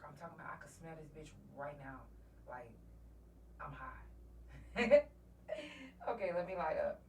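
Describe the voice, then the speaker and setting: A woman's voice: lowish voice, recorded from a distance, slight background noise. Woman host in an echoey room. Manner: candid, profane, emotional storyteller. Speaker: podcast host. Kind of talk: casual live-stream storytelling. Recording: roomy echo, voice from off mic.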